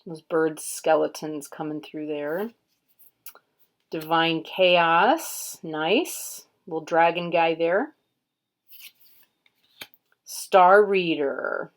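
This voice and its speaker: A woman unboxing a card deck, murmuring card names in a soft, unhurried way and admiring the artwork. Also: low-pitched. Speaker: tarot reader and channel host. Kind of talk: casual unboxing commentary.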